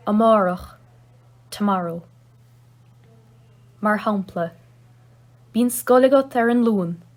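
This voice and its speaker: A woman with a Kerry Irish accent reading a phrase lesson aloud, saying each Irish word and then its English meaning. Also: medium pitch. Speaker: language teacher reading a phrasebook.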